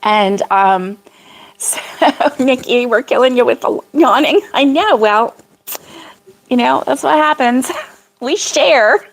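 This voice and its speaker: An older woman hosts a casual crochet livestream, her voice sitting a little high. She talks slowly and loosely, wandering through stories with laughs and filler. She breaks off now and then to answer viewers by name. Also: animated, gravelly. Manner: rambling, laughs often, reads viewer comments aloud. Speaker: crochet vlog host.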